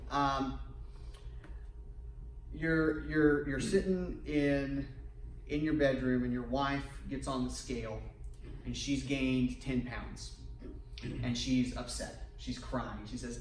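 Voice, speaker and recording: A husband co-leading a church marriage workshop, halting and full of restarts, getting animated in his stories. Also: mid-range voice. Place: church hall. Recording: echoey room, far from the mic.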